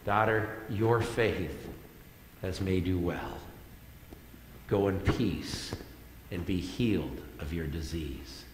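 A gentle, earnest Jesus, as a male preacher quotes him, speaks in a soft, quiet voice. The words echo through a large church hall with a long reverb tail. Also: deep voice, expressive, slow pace, long pauses, a little hiss or hum, voice pushed down. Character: Jesus, a grown man, pleading and gentle.

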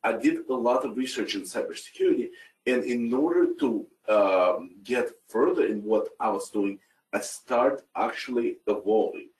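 A man's voice: medium pitch, lively intonation, moderate pace, darkish tone. Middle-aged male speaker, Russian accent, chatty and self-correcting, echoey distant sound. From Ukraine. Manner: conversational with frequent fillers and self-corrections. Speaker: conference speaker. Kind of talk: conference talk. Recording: roomy sound, distant from mic.

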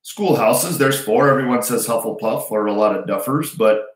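A man's voice: medium pitch, moderate pace, close to an everyday voice. A man voicing a big, kindly, folksy giant groundskeeper. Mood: bluff. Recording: roomy echo.

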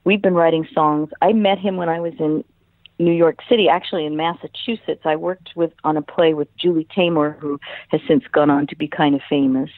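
An older woman tells stories as an interview guest in a chatty, lively manner. Her voice sits a bit low. It comes through a tinny, dry phone line. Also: brisk, no echo. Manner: chatty, storytelling, animated quotes. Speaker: singer and voice actress, guest. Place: home in California.

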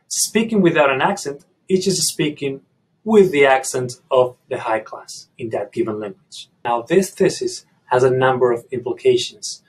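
A man giving an explanatory video lecture on language, measured and deliberate, laying out his points step by step. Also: medium pitch, slightly rough, poor audio. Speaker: language educator.

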